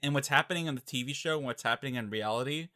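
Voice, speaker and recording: A man's voice: mid-range voice, very fast, pushed and bright. A young man co-hosting a podcast, chatting casually about a film and now and then mimicking characters' voices. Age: young adult. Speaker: podcast co-host. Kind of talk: casual movie discussion.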